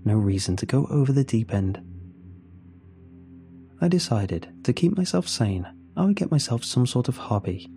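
A man narrates a first-person horror story in a measured, tense way. His voice is warm and mellow at a middle pitch, and soft music plays faintly beneath it. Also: big pitch swings.

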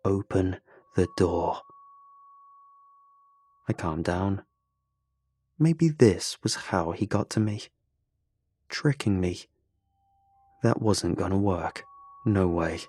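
Husky-voiced man narrating a horror story. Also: low voice, expressive, slow, long pauses, a little mellow, no echo.

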